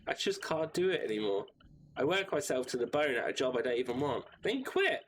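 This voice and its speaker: A man's voice: medium pitch, big pitch swings, a little fast, slight background noise, natural voice. A man voicing a despairing, angry office worker who rants and curses bitterly in a horror visual novel. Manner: bitter, cursing, ranting.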